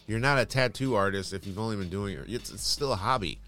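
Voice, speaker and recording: A man's voice: lowish voice, quick pace, pushed and bright. A man hosting casual news commentary, reading headlines aloud and adding sarcastic, dismissive asides.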